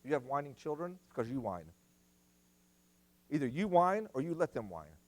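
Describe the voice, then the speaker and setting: A man's voice: mid-range voice, sing-song, normal speed, pauses often, a little mellow. A middle-aged man preaching a sermon at a church family seminar, emphatic and repeating his commands for stress. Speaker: guest speaker at family seminar.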